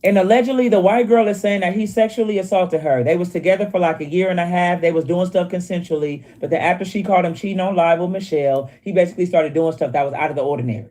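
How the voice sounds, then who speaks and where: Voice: mid-range voice, steady tone, warm tone. A narrator reading scripted, mocking celebrity commentary. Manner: quick, mocking, punchy delivery.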